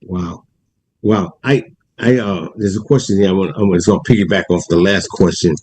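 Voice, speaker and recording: A man's voice: deep voice, a little mellow, a little hiss or hum, low-quality recording. A man hosting a conversation, reacting briefly and reading questions from the chat to his guest. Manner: reads audience questions, quick affirmations. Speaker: host. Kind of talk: casual chat.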